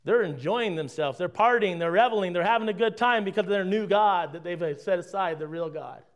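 A man voicing a stern older male prophet who corrects someone in a low, hushed, calm tone. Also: fairly quick. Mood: calm correcting.

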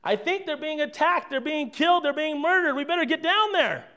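A man's voice: extremely high pitch, a little fast, sharp tone, pitched above the performer's own voice. A man voicing an alarmed male soldier who urges action in a raised, urgent voice.

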